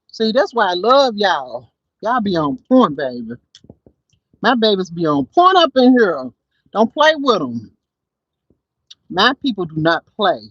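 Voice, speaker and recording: A woman hosting a casual livestream from her car, chatting and telling stories to viewers in an animated way. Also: fairly high pitch, no echo, lo-fi sound. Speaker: livestream host. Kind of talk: casual livestream chat while driving. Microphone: phone.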